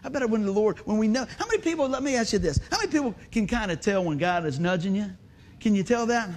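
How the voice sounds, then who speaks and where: High-voiced man preaching a story sermon. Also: lively intonation, fast, a little hiss or hum. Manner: storytelling with shouted sound effects and questions to the congregation. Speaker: pastor.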